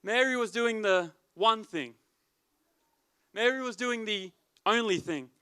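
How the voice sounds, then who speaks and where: A man gives a sermon as youth leader in a high, bright voice. He preaches emphatically, driving his points home by repeating them, and his tone stays smooth and clear. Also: slow.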